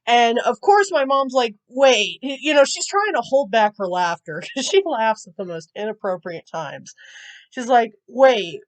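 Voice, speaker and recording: A woman's voice: a little high, expressive, moderate pace. A young woman telling a storytime vlog in a chatty, rambling way, full of "like" and "you know," and amused as she retells it. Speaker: gaming YouTuber telling a storytime.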